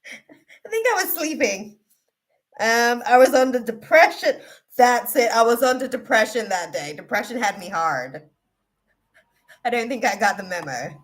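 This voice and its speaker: A woman's voice: on the high side, normal speed. A woman hosting a live tarot reading stream, chatting casually with viewers in an effusive, emotional, rambling way full of fillers. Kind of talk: casual livestream chat.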